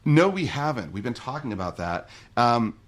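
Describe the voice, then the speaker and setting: A middle-aged man, a guest on a podcast, telling stories and explaining ideas in a relaxed, conversational way. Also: mid-range voice. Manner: fast, animated storytelling. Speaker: podcast guest, marriage coach.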